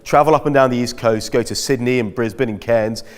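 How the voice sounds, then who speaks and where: A man's voice: medium pitch, brisk. A man in a mid-range voice tells chatty, self-mocking stories to a school audience. His voice carries long reverb from a large hall. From Britain. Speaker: guest speaker at a school. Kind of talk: anecdotal talk to an audience. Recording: echoey hall.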